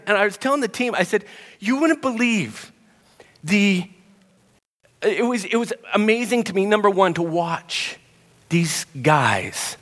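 Guy preaching a sermon story, kinda high voice, big hall echo. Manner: animated storyteller, rising pitch when excited. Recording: long hall reverb.

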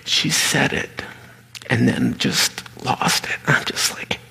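A man's voice: mid-range voice, wildly swooping pitch, slow, vocal fry, pushed and bright, slightly rough. A middle-aged man preaching a sermon, telling a story animatedly and dropping to a near whisper at emotional moments. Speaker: pastor. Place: large hall with audience. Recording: reverberant hall.

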